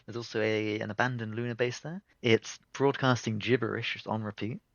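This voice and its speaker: A man's voice: on the low side, steady tone, fairly quick, no room sound, muffled recording. A man hosting a casual podcast, rambling through a game recap and laughing often. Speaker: podcast host.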